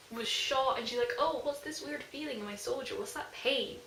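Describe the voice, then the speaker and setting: A young woman chatting casually about a book she read, gushing and animated, with lots of "like" between her thoughts. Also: high-pitched. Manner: gushing, fast and animated, heavy use of "like". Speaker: book reviewer. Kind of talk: casual book review chat. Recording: echoey room with faint noise.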